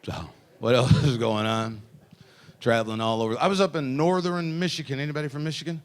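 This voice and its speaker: A man with a medium-pitched, steady voice performs a stand-up routine at a party in front of a live audience. He speaks briskly, joking and teasing the crowd.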